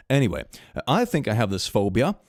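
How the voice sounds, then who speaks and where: A young man streaming from home, reading fan memes aloud and reacting in an animated, giggly way that swings between hushed and excited. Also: medium pitch, dry recording, studio quality. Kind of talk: casual livestream chat.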